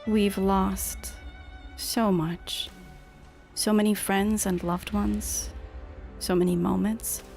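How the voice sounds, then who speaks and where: Whispered role-play: woman voicing a solemn shadow spirit, breathy with a gravelly edge. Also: medium pitch, steady tone, takes it slowly, long pauses, a little mellow, soft background music.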